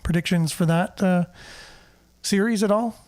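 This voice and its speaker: Chatty high-voiced man hosting. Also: unhurried, a little mellow. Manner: chatty, reads news aloud with asides and fillers. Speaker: host. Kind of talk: casual local news chat.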